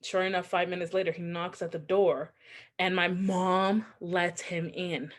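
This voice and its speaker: A woman with a somewhat low voice co-hosts a podcast and tells a personal story. She talks in a loose, chatty way, sprinkling in "like" and poking fun at herself. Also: level tone, a little slow. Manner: chatty, frequent "like" fillers, candid and self-mocking. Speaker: podcast co-host. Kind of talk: casual storytelling chat.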